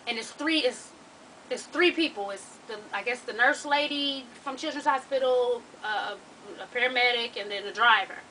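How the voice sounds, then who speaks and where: A woman with a high, bright voice tells her viewers a personal story. She speaks in an animated, profane, slang-heavy way and talks straight to her audience. The mic sits some distance away, with a faint hum of background noise. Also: normal speed. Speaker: vlogger telling a personal story.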